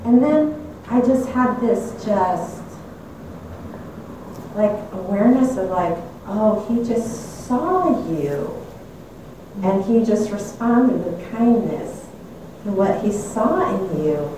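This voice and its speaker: An older woman tells a reflective personal story, candid and animated, and laughs at herself now and then. Her voice is mellow and warm. She is picked up from some distance in a very echoey room with a faint hiss behind her. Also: mid-range voice, slow pace. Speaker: speaker sharing a personal story.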